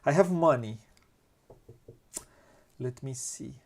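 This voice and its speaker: A man's voice: mid-range voice, slow pace, vocal fry, very noisy. A man with a Romanian accent playing a board game, counting pieces and thinking aloud as he plans his moves. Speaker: board game channel host. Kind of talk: casual board game playthrough.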